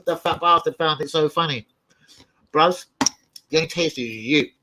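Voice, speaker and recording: A young man who hosts a football fan channel tells rowdy stories in casual chat, swearing a lot and breaking into yelps and laughs as he narrates loudly and animatedly. His voice is a little high at a moderate pace, with background noise audible.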